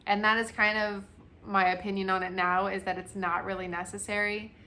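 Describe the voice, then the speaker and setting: A young woman in her twenties talks casually to her camera, chatty and self-mocking, often breaking into a laugh. Her voice has a bright, forward tone. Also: mid-range voice, level tone, a little fast, a little hiss or hum. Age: 20s. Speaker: plant vlogger.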